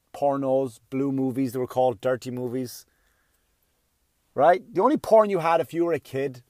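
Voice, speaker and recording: A man's voice: mid-range voice, darkish tone, no room sound, studio quality. A middle-aged man doing a profane, ranting stand-up comedy set, acting out little voices as he goes.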